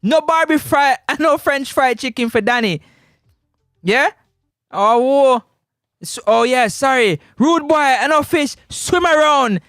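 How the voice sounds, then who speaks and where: A man's voice: very high-pitched, measured pace, fairly bright tone, no echo, clean studio sound. A man with a Jamaican accent hosting a live sports talk stream, teasing viewers playfully and laughing often.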